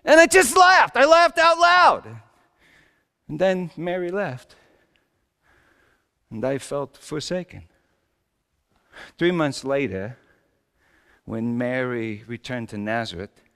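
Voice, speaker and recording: A pastor playing wry, exasperated Joseph in an echoing church. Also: male voice, mid-range voice, sharp tone, heavily acted. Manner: joking, self-mocking storyteller with big emphatic swings. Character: wry, exasperated Joseph the carpenter, a grown man. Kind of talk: first-person dramatic sermon monologue. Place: church sanctuary. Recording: long reverb of a church hall.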